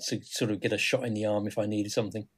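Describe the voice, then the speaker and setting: An older man from the UK, co-hosting a casual chat and talking with lively rises in pitch and volume for emphasis. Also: fast, husky. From United Kingdom. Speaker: podcast co-host. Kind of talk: casual conversation.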